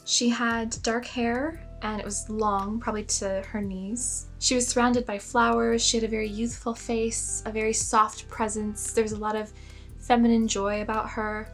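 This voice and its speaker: A young woman with a fairly high voice tells a personal story in a relaxed vlog. She is chatty and pokes fun at herself, and she fills her sentences with "like". Soft music plays faintly underneath. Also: normal speed. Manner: chatty, self-mocking, lots of "like" fillers. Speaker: spiritual storyteller.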